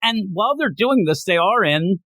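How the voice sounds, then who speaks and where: A man's voice: high-pitched, normal speed, dry recording, low-quality recording. A man hosting a comics review podcast, retelling the plot in casual chat and acting out the characters as he goes. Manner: animated storyteller, acts out the characters.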